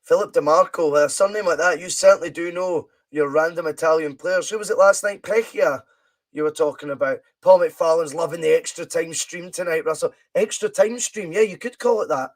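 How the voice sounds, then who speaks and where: A man's voice: fairly high pitch, a little fast. Chatty Scottish man hosting a stream. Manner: chatty banter, reading out viewer comments. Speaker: podcast host streaming a football management game. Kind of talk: casual live-stream chat.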